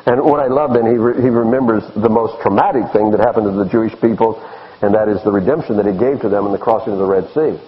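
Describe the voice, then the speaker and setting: A man, a pastor preaching a sermon with animated, emphatic delivery. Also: fairly low pitch, fast, muffled recording.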